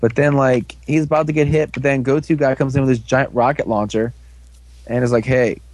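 A man's voice: medium pitch, steady tone, fairly quick, darkish tone. A man casually recapping an episode as a podcast co-host, rambling with lots of fillers. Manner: rambling, filler-heavy storytelling.

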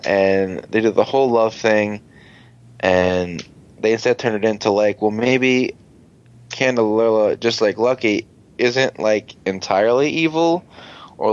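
A man casually recapping a show episode, rambling, swearing and acting out characters' lines. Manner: rambling, swears, acts out quotes in higher voices. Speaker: podcast host recapping an episode. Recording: dull lo-fi sound.

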